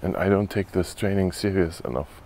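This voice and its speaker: A man filming a casual dog-training vlog outdoors, giving short firm commands between relaxed asides. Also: sits low, normal speed, a little hiss or hum.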